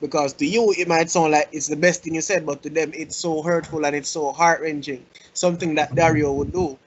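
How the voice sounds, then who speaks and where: A man's voice: fairly high pitch, steady tone, a little fast, slight background noise. A man co-hosting a casual podcast, rambling and restarting his sentences, laughing easily, over a muffled lo-fi recording.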